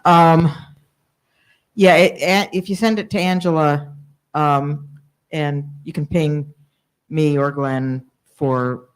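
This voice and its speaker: A man's voice: on the high side, fairly even intonation, slow, pauses often, clean tone. A man taking part in a technical standards meeting, answering a question in a helpful, informal way with some fillers. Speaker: meeting participant. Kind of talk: meeting discussion. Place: conference meeting room.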